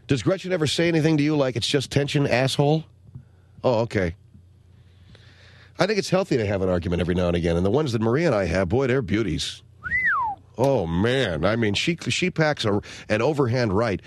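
A male radio host chats casually and rambles through his stories. His voice sits at an ordinary middle pitch. The studio mic is close and dry, with no room sound. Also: dry recording. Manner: rambling storyteller, acts out quotes in a higher voice. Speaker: radio talk show host. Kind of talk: casual radio chat and announcements.

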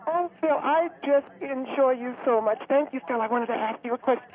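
A man voicing a gushing, nosy woman calling in to a radio show. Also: fairly quick. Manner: gushing, breathless, shrill. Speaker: caller. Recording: tinny phone-line radio sound.

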